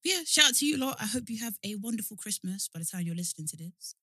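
A young woman chats on her podcast in a bright, forceful voice. She teases her co-host and presses her points by asking the same question again. The sound is close and dry. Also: mid-range voice, animated, fast talker, no room sound. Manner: teasing, emphatic, repeats questions. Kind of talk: casual chat.

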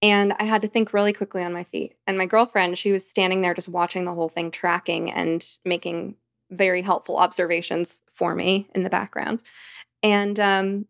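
A woman's voice: lowish voice, level tone, normal speed, creaky, no echo, clean studio sound. A woman, a podcast guest, telling a long personal anecdote in a rambling, vivid conversational way. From United States. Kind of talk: storytelling in conversation.

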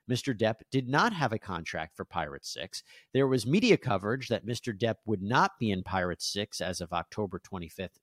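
A man's voice: fairly low pitch, dry recording. A man hosting a legal news show, explaining court filings and reading quotes from them aloud.

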